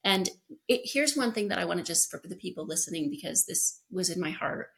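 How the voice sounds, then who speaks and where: A middle-aged woman guest on an interview podcast, speaking in an animated, storytelling way and often acting out quotes. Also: lowish voice, brisk, gravelly.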